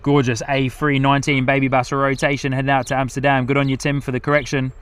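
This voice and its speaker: A man's voice: mid-range voice, level tone, fast, fairly bright tone, smooth. A man hosting a live plane-spotting stream outdoors at an airport, commenting on planes in a chatty way and reading out viewer comments with frequent laughs.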